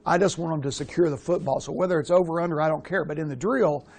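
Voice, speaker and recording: A man's voice: fairly high pitch, fast, darkish tone. A man around sixty, a quarterback coach giving a casual, profane, rambling talk at a coaching clinic.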